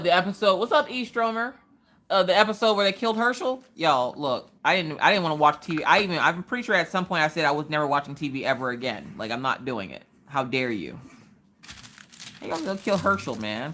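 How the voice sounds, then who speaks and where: A woman hosting a casual live craft stream, chatting in an animated way and answering viewers' comments. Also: low voice, slight background noise.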